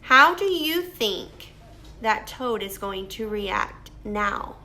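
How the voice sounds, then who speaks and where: A woman teacher reading a picture book aloud to children, pausing to ask questions and explain. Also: mid-range voice, expressive, pushed and bright.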